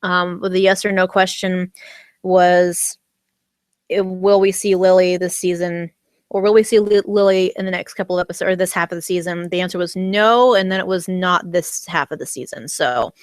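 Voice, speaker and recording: There's no echo as a US woman with a fairly low, steady voice talks at a moderate pace. A vlogger, she casually recaps a TV episode on a livestream, rambling through fillers and restarts, giggling excitedly, candy in her mouth.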